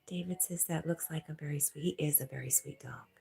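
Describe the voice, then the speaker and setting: A woman with a low, mellow and slightly husky voice hosts a relaxed livestream. She chats easily and reads viewer comments aloud, laughing often. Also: a little fast. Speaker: livestream host reading chat. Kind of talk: casual live chat.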